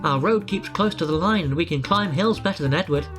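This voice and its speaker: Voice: mid-range voice, brisk, a bit bright, faint music behind, natural voice. A storyteller voicing a jovial but firm male driver. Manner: laughing, firm.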